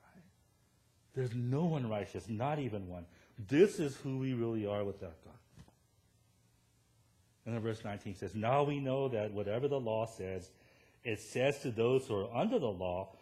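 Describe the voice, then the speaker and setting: Animated male pastor preaching a sermon. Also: medium pitch. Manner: animated storytelling, rising to loud emphatic peaks, tag questions "right?"; self-deprecating humor. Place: church.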